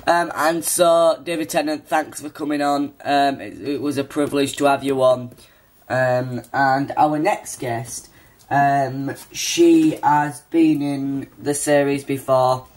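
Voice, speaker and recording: A man's voice: mid-range voice, fairly even intonation, slow pace. A young man hosting a homemade comedy talk show, hesitant and full of ums. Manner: hesitant, lots of ums and restarts. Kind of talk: amateur comedy chat.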